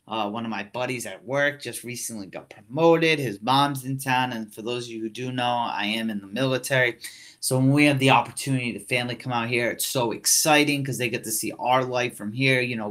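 A man's voice: mid-range voice, fairly bright tone. Laid-back rambling young man. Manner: rambling, lots of "you know" fillers; laid-back, self-mocking. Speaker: podcast host. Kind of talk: casual wrestling chat.

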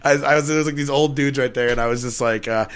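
A man's voice: medium pitch, fairly even intonation, quick pace, a bit bright, smooth. A man, a guest comedian, telling a rambling story in casual podcast chat, laughing often and swearing freely.

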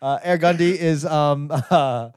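A man in his forties trades jokes on a casual podcast, laughing easily and dragging certain words out for effect. His voice sits slightly higher than most men's. The sound is dry and close, with no room around it. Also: a little mellow, clean tone, no echo. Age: 40s. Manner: joking, laughs often, drawn-out delivery. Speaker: podcast co-host. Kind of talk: casual chat.

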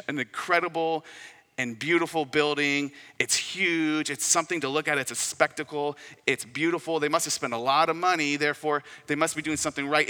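A man preaching a sermon in a relaxed, conversational way, retelling scenes and acting out short quotes. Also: fairly high pitch, in a large hall. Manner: conversational, storytelling with acted quotes. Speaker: pastor.

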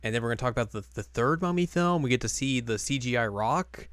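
A man's voice: mid-range voice, lively intonation, fast talker, background noise. A young man hosting a casual anime recap podcast, joking and sarcastic as he rambles through the episode. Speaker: podcast host.

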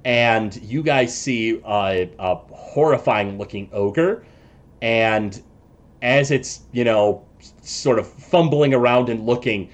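A man narrating a tabletop game as game master, loose and halting with many fillers. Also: mid-range voice.

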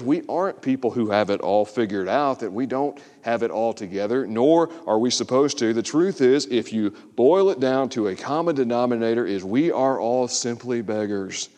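A man's voice: mid-range voice, a little mellow. A man preaching a sermon, earnest and building to emphatic exhortation. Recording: long hall reverb.

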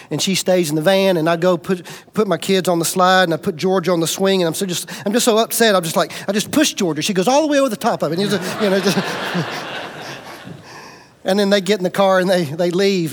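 A high-pitched middle-aged man from Alabama gives a sermon testimony. He tells his own story in an emphatic, confessional way, like a storyteller. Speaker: preacher giving testimony.

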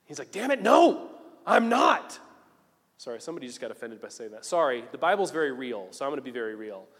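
A man preaching a sermon as casual storytelling in slang, often rising to loud emphasis. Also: mid-range voice, very fast. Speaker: pastor. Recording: long reverb of a large hall.

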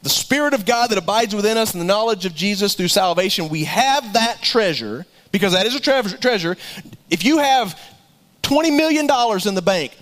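A pastor with a high voice for a man preaches a folksy sermon. He talks in an animated way, throws in jokes and often repeats words as he goes.

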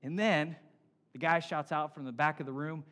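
A man preaching a sermon, building emphasis through lists and dropping to quiet closes. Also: fairly high pitch, steady tone, normal speed. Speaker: pastor.

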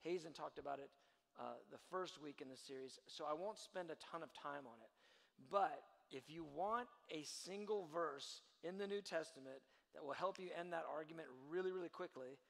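A man delivers a sermon with a gravelly edge, his pitch sitting a touch high. He moves between quiet explaining and loud, emphatic preaching. His voice rings in the long reverb of a hall. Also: moderate pace. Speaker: pastor.

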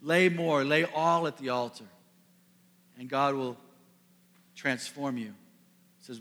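A pastor from the Midwest preaching a sermon to a congregation, earnest, building to emphatic peaks and dropping soft. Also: male voice, medium pitch, slow pace, pauses often. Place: church sanctuary. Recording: long reverb of a large hall.

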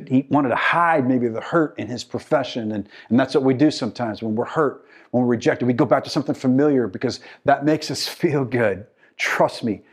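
A male pastor preaching a sermon with passion. His delivery swings from quiet to loud, and he calls out to the congregation. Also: mid-range voice, slightly rough. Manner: impassioned, swinging from soft to loud.

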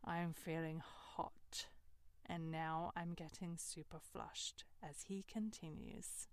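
A woman's voice: on the low side, fairly even intonation, slow pace, no echo, clean studio sound. A young woman hosting a storytelling monologue, candid and sardonic, swearing freely. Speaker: host.

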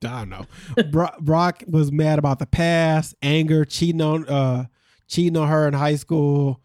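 A man's voice: a little high, steady tone, a little slow, a little mellow, dry recording, clean studio sound. A man hosting a podcast, recapping a reality show in casual chat and acting out what people said.

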